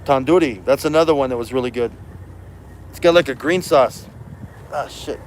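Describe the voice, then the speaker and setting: A man's voice: medium pitch, moderate pace, slight background noise, low-quality recording. A man chatting on a livestream as a truck driver, rambling and slangy, dropping in Spanish words. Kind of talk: casual livestream chat.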